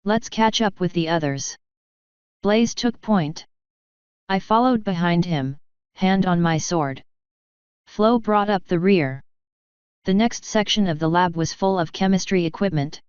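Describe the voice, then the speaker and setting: A woman reading a fanfiction story aloud in an even, steady way. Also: fairly low pitch, a little slow, clear, resonant tone, no echo, lo-fi sound. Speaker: fanfiction reader.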